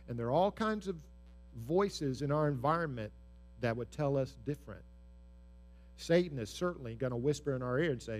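Male pastor, sermon, earnest, repetitive emphasis, fairly high voice. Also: lively intonation, normal speed. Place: church.

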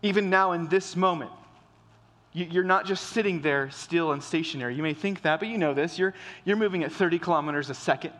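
A man's voice: fairly high pitch, fairly quick, fairly bright tone. Man preaching in a reverberant hall. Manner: conversational preaching with restarts and repetition. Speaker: pastor. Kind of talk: sermon.

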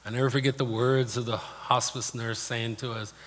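A man's voice: medium pitch, flat delivery, moderate pace, a bit bright. Male pastor, sermon, plain-spoken storyteller, mid-range voice, long hall echo. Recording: long reverb of a large hall.

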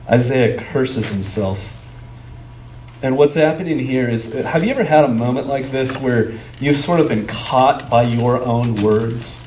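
A pastor preaches a sermon in a church sanctuary, his medium-pitched, slightly mellow voice unhurried. He talks conversationally, pausing on fillers while searching for words. The echoey room has faint ambience and a little hiss or hum.

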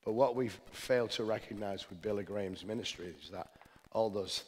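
A man delivers a sermon in a low voice, speaking in a conversational, earnest way and often restarting his sentences. His voice carries a long church reverb, with a faint hiss underneath. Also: fairly quick, a little mellow. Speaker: pastor. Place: church hall.

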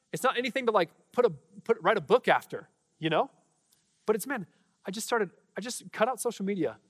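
Fervent, rambling pastor in reverberant hall. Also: male voice, high voice, fairly bright tone. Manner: casual, fervent, many fillers and restarts. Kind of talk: sermon with prayer and testimonies. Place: church sanctuary.

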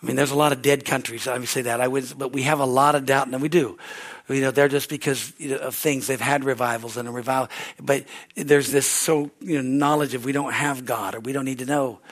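A man's voice: medium pitch, fairly even intonation, fairly quick. A man preaching a sermon as pastor at a church service, telling stories animatedly with frequent restarts.

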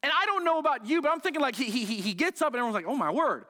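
A male pastor from the United States preaching a sermon, telling the story with animated, acted-out outbursts. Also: extremely high pitch, racing. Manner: animated storytelling, acts out scenes, loud excited outbursts.

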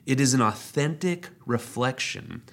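A man preaching a sermon as lead pastor, conversational and animated, acting out quoted complaints with rising intensity. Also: mid-range voice, unhurried, creaky. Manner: conversational, personal asides.

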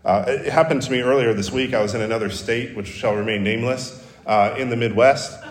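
A pastor preaching a sermon in a conversational, storytelling way, with self-deprecating humor. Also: male voice, mid-range voice, fairly even intonation, brisk. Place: church sanctuary. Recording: roomy hall reverb.

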